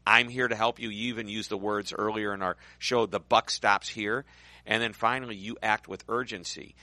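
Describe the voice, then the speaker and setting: Bright-voiced male radio host. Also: lowish voice, steady tone, moderate pace, dry recording. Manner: storytelling, chatty, upbeat. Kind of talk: business radio interview.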